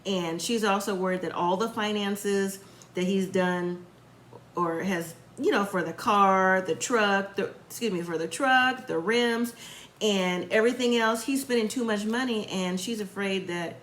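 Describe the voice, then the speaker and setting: A woman's voice: mid-range voice, moderate pace, echoey room. A woman casually retelling a reality show episode, chatty and opinionated, acting out what the people said. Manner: chatty storytelling, acting out quotes. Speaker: reality show recap host. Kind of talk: casual recap commentary.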